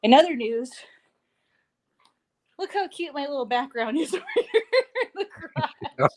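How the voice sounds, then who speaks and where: Calling into a show from her home garage, a co-host chats casually, her high voice lively in intonation at normal speed. Breathless, she laughs often and pokes fun at herself, all in a dry recording.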